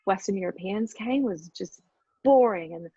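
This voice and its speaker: A woman's voice: mid-range voice, animated, normal speed, dark tone, slightly rough, dry recording, muffled recording. A middle-aged Australian woman chatting enthusiastically as an interview guest, with frequent fillers. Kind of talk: casual conversation.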